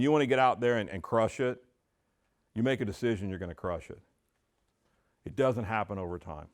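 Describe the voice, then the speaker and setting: A middle-aged man giving a training talk to real estate agents, telling stories and acting out the dialogue. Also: fairly low pitch. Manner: animated storytelling, acting out dialogue.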